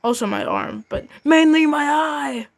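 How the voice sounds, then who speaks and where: Whiny high-pitched male rabbit robot toy, played by a woman, slow complaining. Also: lively intonation, gravelly, exaggerated voice.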